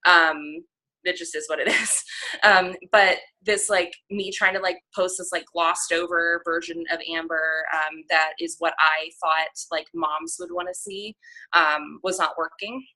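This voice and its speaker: A young woman chatting on a team call in a bright, forceful voice set fairly low. She talks candidly and sarcastically, full of fillers and quick laughs. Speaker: fitness coach. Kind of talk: casual chat on a team call.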